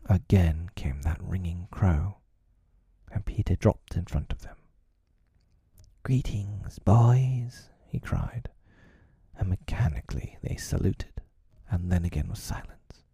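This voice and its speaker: A man reading a storybook in a hushed whispered role-play, close to the mic, slow and husky. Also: low voice, no room sound.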